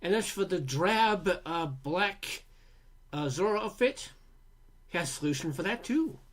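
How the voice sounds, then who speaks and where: A man from Canada narrates a film review in a relaxed, wry tone. His pitch moves in a lively way, and he drops in casual fillers as he goes. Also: a little slow. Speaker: film critic.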